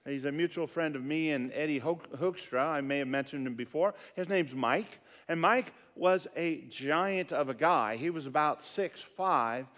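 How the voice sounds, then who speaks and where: Middle-aged male pastor, slightly higher voice, animated storyteller who acts out quotes and murmurs asides. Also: moderate pace, few pauses. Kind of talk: sermon with storytelling.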